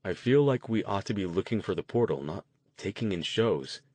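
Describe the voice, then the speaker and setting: A man voicing a jokey, excited young man who puts on a deeper voice. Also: moderate pace, dry recording. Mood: playful. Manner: deepened, playful voice.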